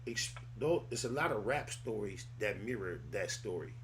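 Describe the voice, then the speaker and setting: A man's voice: fairly low pitch, expressive, moderate pace, a little hiss or hum. A man hosting a podcast, telling stories casually in loose street slang. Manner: loose, rambling storytelling full of street slang. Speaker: podcast host. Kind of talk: casual chat.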